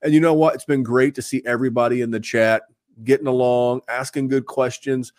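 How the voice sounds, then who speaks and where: A man hosting a fantasy football podcast, chatting casually and upbeat, rambling a little as he gives shout-outs and plugs. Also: medium pitch, steady tone, brisk. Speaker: podcast host.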